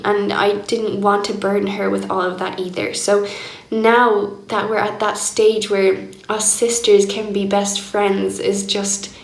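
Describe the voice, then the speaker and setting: Slow-talking young woman, echoey room. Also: medium pitch, creaky. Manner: slow, candid and reflective, laughing often. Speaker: vlogger. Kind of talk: personal diary vlog.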